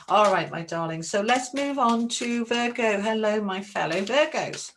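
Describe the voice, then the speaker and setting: A woman giving a chatty, excitable tarot reading to camera, calling her viewers darlings. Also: mid-range voice, moderate pace, few pauses, slight background noise. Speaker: tarot reader.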